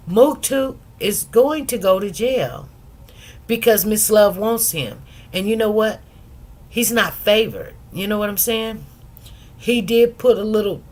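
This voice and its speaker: Female commentary host, casual and animated storyteller, many restarts and asides to viewers. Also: fairly high pitch. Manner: animated storyteller who acts out quotes in different voices. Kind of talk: casual commentary on a court case.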